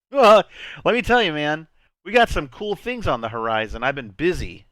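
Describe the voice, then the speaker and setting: A man's voice: a little high, expressive, moderate pace, fairly bright tone, dry recording, clean studio sound. A man hosting a casual game stream, playful and rambling, laughing often between his words. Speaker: streamer host.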